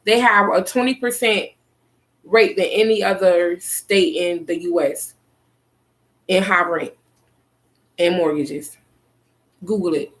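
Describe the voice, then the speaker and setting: A woman's voice: fairly low pitch, takes it slowly, long pauses. A woman co-hosting a casual podcast, talking bluntly and animatedly. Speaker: podcast co-host. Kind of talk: casual chat.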